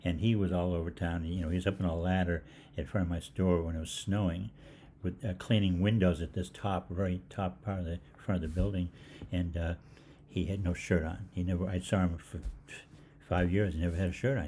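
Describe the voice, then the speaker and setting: An older man hosts a live question-and-answer stream, telling loose, meandering stories full of "uh" and restarts. His voice sits low and relaxed. A faint background hiss runs under the desk mic. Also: a little fast. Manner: rambling anecdotal, many fillers and restarts. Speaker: holistic health host. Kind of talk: live Q&A storytelling.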